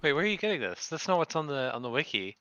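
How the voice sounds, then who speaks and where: A man's voice: fairly high pitch, very animated, rapid-fire, pushed and bright, muffled recording. A man in a casual voice chat, hesitant and stumbling as he tries to pronounce a long name. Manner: hesitant, stumbling over words. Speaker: viewer in voice chat.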